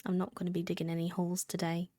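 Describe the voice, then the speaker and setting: A woman's voice: on the low side, monotone, racing, dark tone, no echo, clean studio sound. A young woman streaming a game live, chatting in a rambling way, answering her chat and thanking subscribers. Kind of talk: casual live-stream chat while gaming.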